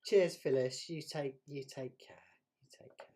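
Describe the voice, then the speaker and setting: Man, West Country accent, ukulele teacher hosting a live stream, chatty, self-deprecating, warm mellow voice. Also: on the high side, measured pace. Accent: West Country English. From West Country of England. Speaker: ukulele teacher and jam host. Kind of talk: casual live-stream chat.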